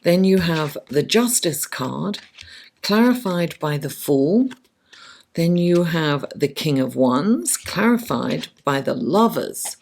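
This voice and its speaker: A woman's voice: sits low, animated, slow pace, gravelly, darkish tone. A woman doing a chatty, affectionate tarot reading late at night, her voice worn and fading. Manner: chatty, affectionate, talks to the cards. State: losing her voice from the late hour. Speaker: tarot reader.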